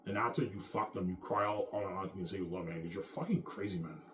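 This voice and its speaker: A man's voice: low-pitched, steady tone, fast talker, a bit bright, a little hiss or hum. A man in his thirties ranting casually to camera, rambling and profane. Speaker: vlogger.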